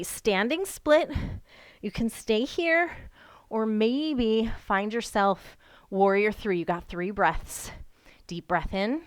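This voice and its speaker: A woman leading a home yoga workout, giving encouraging cues and counting reps aloud while exercising and breathing hard. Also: medium pitch. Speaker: yoga instructor. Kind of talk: guided workout instruction. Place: home room.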